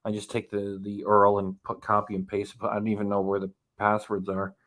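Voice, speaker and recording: A man's voice: fairly low pitch, monotone, fairly quick, a bit bright. Chatty man hosting a reaction vlog. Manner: chatty, rambling, laughs often. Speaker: reaction channel host. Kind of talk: casual commentary while reacting.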